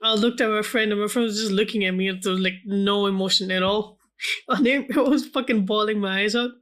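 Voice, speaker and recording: A man co-hosting a film podcast in casual chat, speaking haltingly and filling his sentences with "like" and restarts. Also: high voice, fairly even intonation, a bit bright. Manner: hesitant, fills speech with "like" and restarts. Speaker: podcast co-host.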